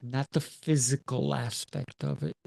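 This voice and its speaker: Husky-toned, gravelly man coaching emphatically. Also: medium pitch, fairly even intonation, a little slow, warm tone, no echo, clean studio sound. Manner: emphatic, rhetorical questions. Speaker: martial arts instructor and coach. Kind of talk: casual interview chat.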